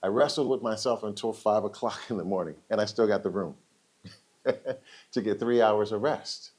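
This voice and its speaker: A man giving a storytelling speech at a roundtable event, acting out quoted dialogue with lively shifts. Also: on the low side, normal speed. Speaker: speaker at a roundtable.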